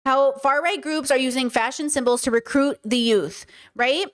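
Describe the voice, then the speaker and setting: A woman's voice: high-pitched, moderate pace. A woman hosting a commentary livestream, talking emphatically and asking her audience rhetorical questions. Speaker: streamer host.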